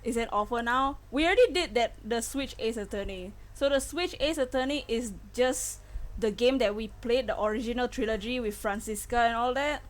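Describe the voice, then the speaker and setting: A woman with a voice on the high side plays a game on a live stream at a moderate pace, chatting casually with viewers and giggling often. Faint game music plays underneath.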